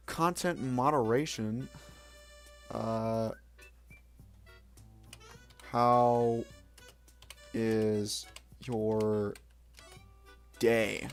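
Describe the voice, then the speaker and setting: A man's voice: mid-range voice, fairly even intonation, drawn-out words, long pauses, faint music behind. A young man streaming late at night, chatting casually with viewers in a rambling, self-mocking way, swearing now and then.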